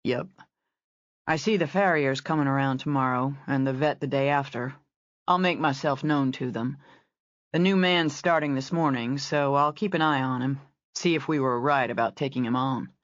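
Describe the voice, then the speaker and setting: A woman reader voicing a laid-back male ranch hand who talks in an unhurried, teasing drawl. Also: a bass voice, no room sound, dull audio. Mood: easygoing.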